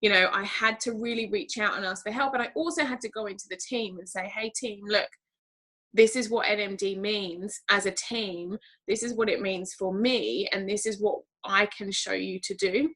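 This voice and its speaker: A woman's voice: mid-range voice, fairly even intonation, normal speed, a bit bright, rough recording. A woman from Britain talking candidly as an interview guest about leading her team, chatty and full of fillers. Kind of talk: casual interview talk.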